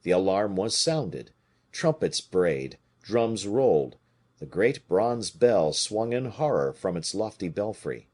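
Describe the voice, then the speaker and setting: Male audiobook narrator, deep and husky, with a lively, animated delivery. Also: slow. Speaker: audiobook reader. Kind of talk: audiobook narration of a classic novel.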